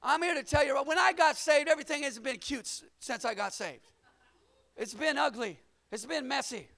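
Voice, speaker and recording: A man preaching a lively sermon, shouting at the peaks and calling on the congregation to answer back. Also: very high voice, moderate pace, vocal fry. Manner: energetic, shouting at peaks, call-and-response. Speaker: pastor.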